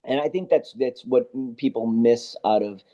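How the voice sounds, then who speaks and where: A man with a very dark, mellow voice, talking casually as a guest on a podcast. He tells anecdotes with lively energy, playing out both sides of the conversations he remembers. The recording sounds dull and lo-fi. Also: mid-range voice, normal speed. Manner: animated anecdote-telling, acts out both sides of dialogue. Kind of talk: casual storytelling interview.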